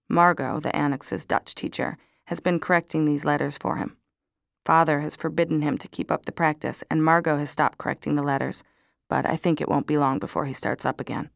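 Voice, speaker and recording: A woman narrating diary entries in the first person, reading in an even, measured way. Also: deep voice, gravelly, no room sound, studio quality. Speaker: audiobook narrator.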